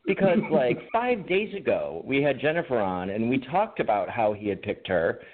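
A man co-hosts a podcast, chatting casually in a rambling, joking way and laughing often. His voice sits at medium pitch with big swings in intonation, at a normal speed. The audio sounds like a phone call.

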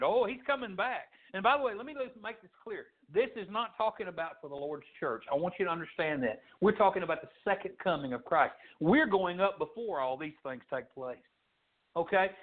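Man, fiery sermon, high-pitched, tinny lo-fi sound. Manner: fiery preaching, rising to shouts and dropping low. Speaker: pastor.

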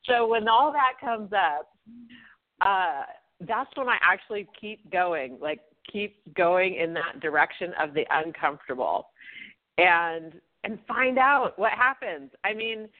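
Slow-talking woman podcast co-host, thoughtful and giggly, heard through a phone-quality line. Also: medium pitch, lively intonation. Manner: reflective, laughs between thoughts. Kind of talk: casual chat. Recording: tinny phone-like sound.

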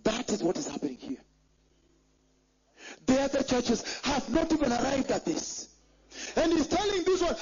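Emphatic male preacher with a very high voice, muffled lo-fi recording. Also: very animated, normal speed, long pauses, darkish tone. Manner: emphatic, repeats phrases and asks the congregation for agreement. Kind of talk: sermon. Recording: dull lo-fi recording.

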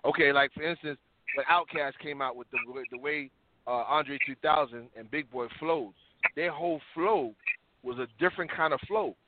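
Animated New man, tinny line. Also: a little high, normal speed, slight background noise. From New York. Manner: animated storytelling with slang. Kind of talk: casual discussion. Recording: tinny phone-like sound, dry.

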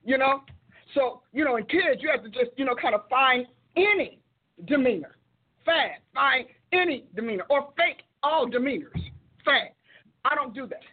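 A woman's voice: sits high, animated, moderate pace, breathy edge. An older woman, a minister and host, giving a sermon-like talk in an emphatic, repetitive preaching cadence over a tinny, phone-like recording.

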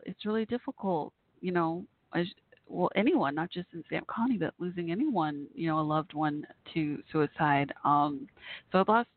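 Woman call-in show host, halting and near tears, tinny phone line, dry sound. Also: fairly low pitch, dry recording. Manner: halting and emotional, many fillers and restarts. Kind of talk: call-in radio talk show.

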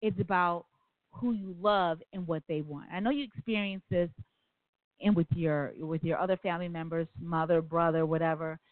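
Over a thin, phone-like line, a female radio host with a fairly low pitch speaks in a steady tone at a moderate pace on a call-in talk show. She tells earnest stories with rambling asides, and the recording is dry with no room sound.

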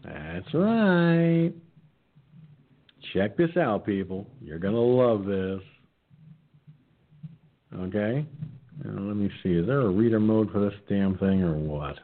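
Over a tinny phone-line connection, a male internet radio host with a lowish voice and lively intonation reads the news slowly and pauses often. He mocks each story with sarcastic, swearing asides, yawning and tripping over words in a casual way.

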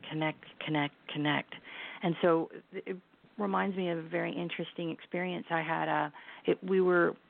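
A woman's voice: on the low side, fairly even intonation, moderate pace, gravelly. A middle-aged woman as an interview guest, talking in an earnest, reflective way with hesitant restarts. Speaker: guest, lifestyle brand founder. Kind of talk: casual interview chat. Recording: tinny phone line.

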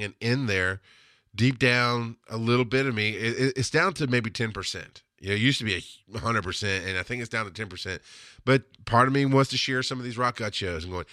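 Candid, bright-voiced male podcast host. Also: lowish voice, no room sound, studio quality. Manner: candid, laughs often, swears. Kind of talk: casual monologue.

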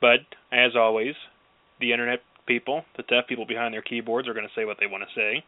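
A man's voice: mid-range voice, level tone, fast, dry recording. A man hosting a radio interview, sympathetic and chatty with his guest. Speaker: radio host. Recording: tinny phone-like line, dry.

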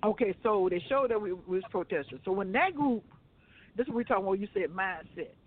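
A man co-hosting a casual talk show, telling stories in an animated way and repeating himself. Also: high voice, fast talker. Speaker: co-host. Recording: tinny phone-like line.

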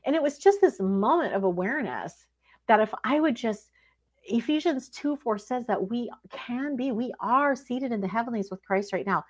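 A woman giving an earnest, expressive devotional teaching talk, acting out prayers and laughing now and then. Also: on the high side, normal speed. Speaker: Christian speaker.

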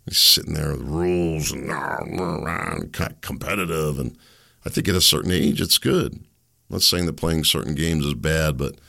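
A middle-aged political commentary host rants sarcastically through an opinion monologue, laughing scornfully and tossing mocking asides at his targets. His voice is extremely low, gravelly and sharp, at a moderate pace.

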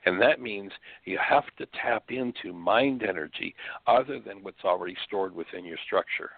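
Calling in by phone from his bedroom at home, a man hosts a spiritual radio show and teaches earnestly, posing rhetorical questions. His voice is lowish and moderately paced, and the phone-line audio is dry with no echo.

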